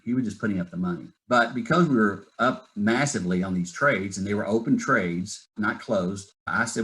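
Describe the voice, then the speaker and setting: A man's voice: fairly low pitch, fairly bright tone, poor audio. A middle-aged man, a real estate investor, telling his story in an interview with earnest, candid energy.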